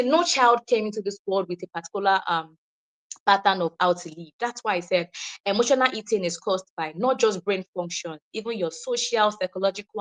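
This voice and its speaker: A young woman with a Nigerian accent giving an informal teaching session, animated and quick to laugh, acting out the people she quotes. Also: medium pitch. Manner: animated, acts out quoted voices, laughs often. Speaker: wellness speaker.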